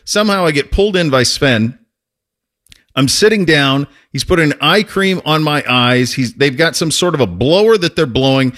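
A man hosting a talk show, telling a casual, animated story with frequent restarts and laughs. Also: fairly high pitch, moderate pace. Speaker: host.

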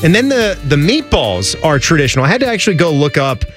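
A man's voice: on the high side, big pitch swings, quick pace, fairly bright tone, soft background music. A man co-hosting a radio talk show, describing things with eager enthusiasm and a rambling, filler-heavy way of talking. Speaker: radio co-host. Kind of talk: casual radio banter.

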